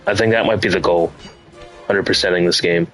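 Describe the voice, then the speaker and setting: A male streamer thinking out loud as he plays, rambling casually with plenty of fillers. His voice sits a bit low. Faint game music runs under his talk. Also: fairly even intonation, brisk, poor audio. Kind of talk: casual live-stream commentary.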